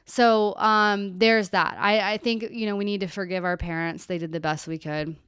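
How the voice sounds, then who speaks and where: A young woman and therapist chatting candidly on her live Q&A stream, with animated asides. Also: medium pitch, moderate pace, smooth, no room sound, studio quality.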